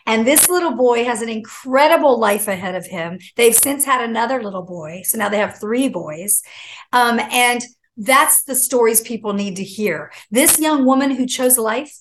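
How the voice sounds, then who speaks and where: A middle-aged woman telling a long personal story as a guest, animated and acting out the voices she quotes. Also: a little high, normal speed, a little hiss or hum, low-quality recording. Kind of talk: casual storytelling.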